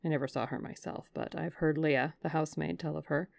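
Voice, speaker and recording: A woman's voice: deep voice, fairly even intonation, fairly quick, gravelly, no echo, clean studio sound. A woman voicing a respectful middle-aged man, a former butler who tells a story in a confiding, deferential way. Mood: gossiping.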